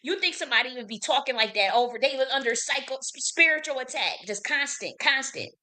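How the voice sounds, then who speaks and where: A woman's voice: high-pitched, fast talker, pushed and bright. Profane, emphatic woman livestreamer. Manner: profane, emphatic, reads scripture aloud. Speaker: live stream host. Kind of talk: casual livestream monologue. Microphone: streaming setup.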